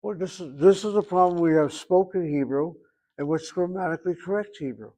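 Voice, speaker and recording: Older male teacher, slightly high voice, reasons aloud through a grammar point in class. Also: fairly quick, dark tone. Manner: thinks aloud, reasoning back and forth. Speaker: Hebrew teacher.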